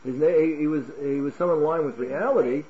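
A man teaching a Talmud class in an animated way, firing off rhetorical questions and restarting his words. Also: fairly high pitch, fairly quick, muffled recording. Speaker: Torah teacher.

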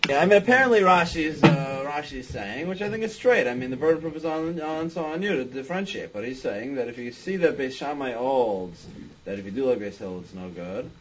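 A man's voice: mid-range voice, animated, a little fast, dull audio, noisy background. A man leading a Talmud study class, thinking aloud with frequent restarts and "I mean". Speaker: Talmud teacher.

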